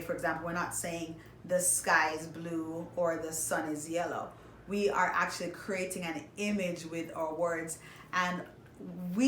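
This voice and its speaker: A woman music teacher giving a songwriting lesson, explaining patiently and speaking directly to her students. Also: fairly low pitch. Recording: echoey room, faint background noise.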